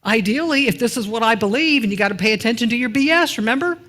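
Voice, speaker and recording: A woman's voice: a little high, lively intonation, fast talker, fairly bright tone. Chatty woman minister preaching. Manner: asks the congregation rhetorical questions and waits for answers; informal and chatty, with asides. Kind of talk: conversational sermon. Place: church sanctuary.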